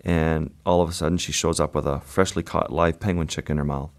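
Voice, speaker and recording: Very deep-voiced man telling a story. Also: fairly even intonation. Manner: vivid, measured storytelling. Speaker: guest wildlife photographer. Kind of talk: storytelling interview.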